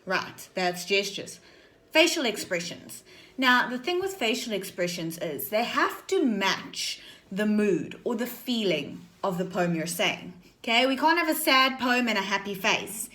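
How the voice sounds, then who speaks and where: Slow-spoken woman drama teacher. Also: mid-range voice, fairly bright tone. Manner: checks in with "okay?" and "right?" between points; slow, deliberate explaining. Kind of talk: recorded class lesson.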